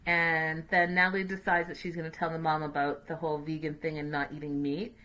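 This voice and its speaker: A woman hosting a casual, chatty recap show, opinionated and quick to laugh. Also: low voice, flat delivery, pushed and bright. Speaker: host.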